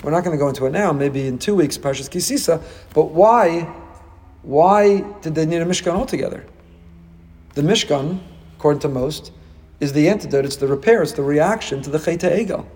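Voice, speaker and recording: A man, a rabbi giving a Torah class, animated and acting out dialogue with rhetorical questions. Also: fairly high pitch, fairly quick, slightly rough, in a large hall.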